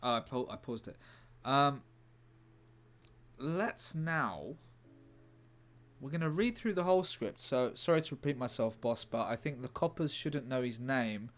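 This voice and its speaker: A man's voice: medium pitch, animated, measured pace. A British man streaming as a comedian, rambling and joking casually as he chats to viewers. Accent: British English. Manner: rambling, jokey, chatting to viewers. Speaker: comedian streaming a writing session. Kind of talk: casual livestream chat.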